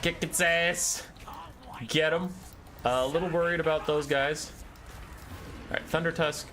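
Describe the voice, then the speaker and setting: A man's voice: fairly high pitch, fairly even intonation, moderate pace, a bit bright, a little hiss or hum. A young man giving live commentary on his own strategy game match, issuing orders to his units with sarcastic, joking asides.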